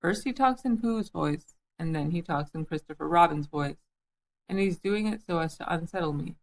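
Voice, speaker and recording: A woman voicing a small, timid piglet who talks nervously and squeakily. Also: normal speed, creaky, rough recording.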